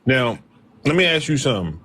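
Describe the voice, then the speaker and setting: A man's voice: mid-range voice, sing-song, a little fast, a bit bright, husky. A man in a heated casual debate, speaking insistently and pressing pointed questions.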